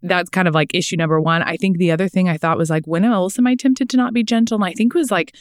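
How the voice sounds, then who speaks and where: A woman's voice: fairly low pitch, quick pace, no echo, studio quality. A young woman, a mother of small children, talking earnestly in a casual faith podcast and filling her speech with "like". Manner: earnest, frequent "like" fillers. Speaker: podcast co-host.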